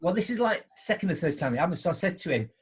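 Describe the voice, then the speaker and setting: Lively, husky man telling stories. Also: high-pitched, racing. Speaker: host. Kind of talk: casual storytelling on a live online show.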